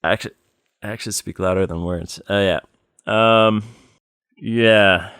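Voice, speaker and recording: Guy with a really low smooth voice, just chatting on a podcast, lots of ums, dry sound. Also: steady tone, fairly bright tone, no room sound. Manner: plain, unhurried storytelling with many fillers. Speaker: podcast co-host. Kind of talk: casual chat.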